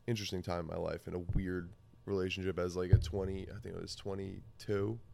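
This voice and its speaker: A man with a low, gravelly voice tells a story in loose, casual talk. He rambles, swears freely and breaks into laughs as he goes. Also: darkish tone. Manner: rambling, profane, laughs often. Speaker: podcast host.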